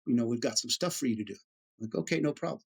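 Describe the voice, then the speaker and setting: Animated middle-aged male veteran storyteller. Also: mid-range voice, rapid-fire, gravelly, slightly rough. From United States. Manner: animated storyteller, acts out quoted voices. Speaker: Army veteran guest. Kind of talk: casual storytelling interview.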